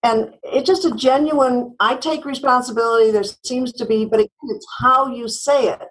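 Brisk woman giving customer service tips. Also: fairly high pitch, fairly even intonation, low-quality recording. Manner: brisk, instructive, acts out sample phone calls. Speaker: guest, customer service trainer. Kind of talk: podcast interview.

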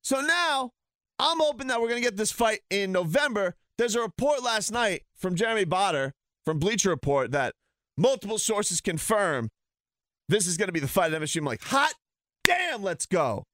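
A man's voice: sits high, very animated, normal speed, a bit bright, no room sound, clean studio sound. A man ranting heatedly and sarcastically as a sports talk host.

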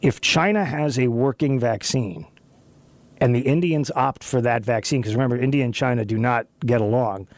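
A man hosting a talk radio show, chatting loosely with a co-host, animated and rambling with frequent restarts. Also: mid-range voice, normal speed, dry recording. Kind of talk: casual talk radio chat. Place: radio studio. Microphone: studio microphone.

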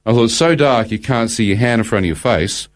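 A man's voice: mid-range voice, brisk. A man, telling a guest's testimony in conversation, acting out his own thoughts as dialogue and quoting scripture by verse.

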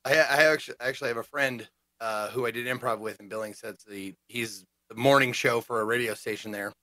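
Bright, dry-sounding male co-host. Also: medium pitch, steady tone, brisk, dry recording. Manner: playful, breaks into mock announcer voices. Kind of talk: casual chat.

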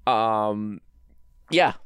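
A man's voice: lowish voice, very slow, fairly bright tone, clean tone, no room sound. A man with a Spanish-speaking accent, a native Spanish speaker, chatting casually and easily as a podcast producer. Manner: easygoing, laughs things off. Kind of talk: casual chat.

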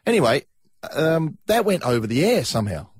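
A man's voice: fairly high pitch, very animated, fairly quick, husky, no room sound, studio quality. An Australian man telling a casual anecdote on sports radio, rambling and interrupting himself. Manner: rambling, self-interrupting storyteller. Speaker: studio guest. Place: radio studio. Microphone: studio mic.

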